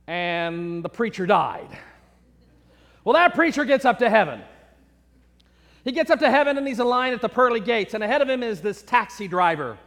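High-voiced preacher in a reverberant church. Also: male voice, sing-song, moderate pace, pauses often, fairly bright tone. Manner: storytelling, acts out characters' voices. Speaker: pastor. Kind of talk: sermon with a told joke. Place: church sanctuary.

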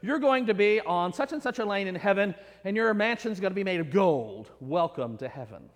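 A man preacher voicing Saint Peter as a calm, amused heavenly gatekeeper. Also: sits high, a little fast, long reverb tail. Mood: genial.

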